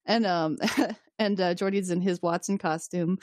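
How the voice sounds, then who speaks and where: A woman's voice: on the low side, steady tone, unhurried, a little mellow, no echo, studio quality. A woman co-hosting a podcast in casual, chatty talk, often laughing and swearing as she recaps. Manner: chatty, giggly, fillers and swearing. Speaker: podcast co-host recapping a TV episode. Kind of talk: casual chat.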